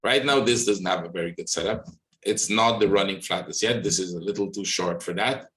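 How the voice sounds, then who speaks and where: Low-voiced man thinking aloud over charts. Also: brisk, fairly bright tone, echoey room, low-quality recording. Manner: thinks aloud, many "right?" tag questions. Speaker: trading webinar host. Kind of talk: live market analysis walkthrough.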